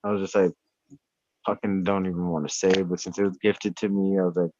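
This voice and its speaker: A man in casual chat, talking at home in a rambling, profane, animated way. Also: low voice, a little fast, slight background noise. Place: indoors at home. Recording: dull lo-fi sound.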